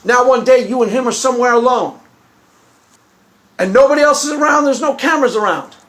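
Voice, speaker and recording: A man hosting his own video, arguing a point in an animated monologue and acting out bits of dialogue. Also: very high voice, brisk. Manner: animated, acts out quoted dialogue. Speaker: video host. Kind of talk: argumentative monologue.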